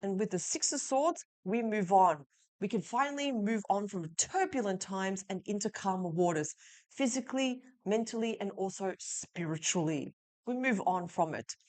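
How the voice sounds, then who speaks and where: This woman's weekly tarot reading is directed straight at the listener and meant to reassure. She speaks at normal speed in a mid-range, slightly mellow voice with lively intonation.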